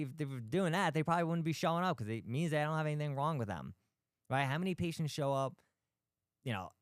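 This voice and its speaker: Male host, medium pitch, smooth and crisp, dry close sound, blunt and emphatic delivery. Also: no room sound. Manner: blunt, emphatic, rhetorical questions, mild swearing. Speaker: podcast host, physical therapist. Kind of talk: animated talk to practice owners.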